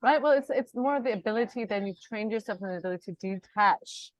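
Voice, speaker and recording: A woman's voice: mid-range voice, fast, no echo, poor audio. A woman hosting an interview, chatty and reflective, now and then swearing casually as she talks. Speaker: interview host and coach.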